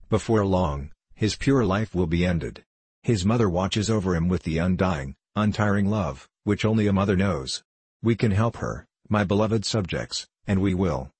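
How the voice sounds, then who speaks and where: A man voicing a gracious, kindly fairy queen in a storybook reading, regal and gentle in manner. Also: sits low, husky, no echo.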